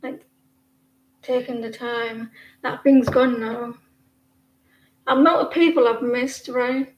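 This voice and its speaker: Woman doing tarot readings on a live stream, kinda high voice, rambly and chatty, room echo. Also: steady tone, takes it slowly. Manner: rambling, chatty, self-interrupting. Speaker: tarot reader. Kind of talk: casual livestream reading.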